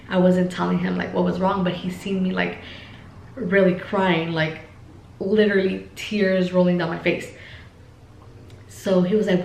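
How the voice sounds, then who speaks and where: A young woman vlogger telling a personal story in a loose, chatty way, peppering it with fillers and calling her viewers "guys". Her voice is low-pitched with a gravelly fry, and the room around her rings with echo. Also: fairly even intonation, normal speed, a little mellow, a little hiss or hum. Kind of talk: casual storytime vlog. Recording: echoey room.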